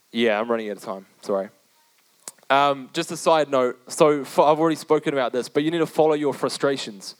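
A young man preaching a sermon in a casual, slangy way, repeating phrases for emphasis. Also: fairly high pitch.

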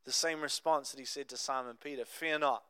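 Young guy pastor, chatty animated sermon, mid-pitched clear voice. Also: quick pace, no room sound. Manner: conversational, animated storytelling with asides.

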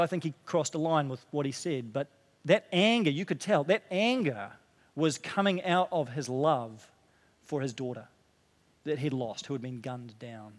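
A man preaching a sermon as pastor, earnest, dropping low and quiet for emphasis and rising when stirred. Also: big-room sound.

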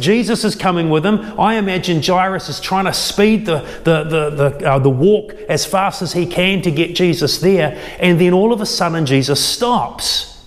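A man preaching a sermon, retelling a scripture story with lively acted-out quotes. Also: high-pitched, big-room sound. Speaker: pastor.

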